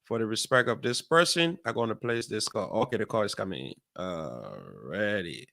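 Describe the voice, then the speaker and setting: A man hosting a call-in talk show, measured and steady, with many fillers. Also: on the low side, vocal fry, dry recording. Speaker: host.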